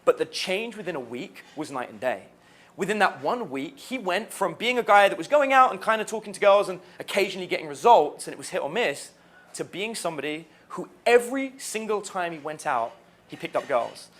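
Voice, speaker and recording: Male dating coach, higher voice, lively storyteller. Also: fairly quick. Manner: animated, laughs while telling anecdotes. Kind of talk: storytelling to camera.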